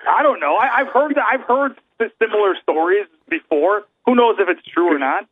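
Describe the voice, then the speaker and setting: A man's voice: sits high, lively intonation, fairly quick, phone-quality sound, background noise. A man co-hosting a podcast, defending himself in exasperated casual chat. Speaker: podcast co-host.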